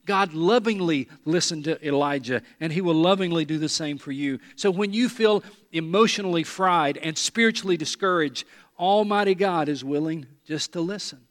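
A man's voice: on the high side, normal speed. Pastor guy preaching, earnest, repeats stuff for emphasis, lots of reverb from a big hall. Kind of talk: sermon. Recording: long reverb of a large hall.

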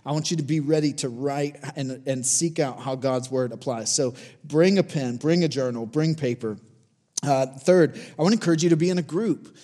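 A man's voice: fairly high pitch, normal speed, mellow. A man in his forties preaching a sermon as a pastor, conversational and encouraging, repeating his challenges to the congregation. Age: 40s.

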